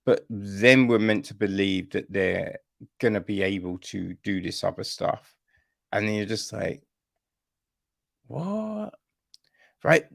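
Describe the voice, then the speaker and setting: Guy ranting about a movie, keeps saying right?, raspy lively voice, dead dry room. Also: sits low, measured pace, no echo. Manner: exasperated, repeats "right?" often. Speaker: podcast film reviewer. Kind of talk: casual film review chat.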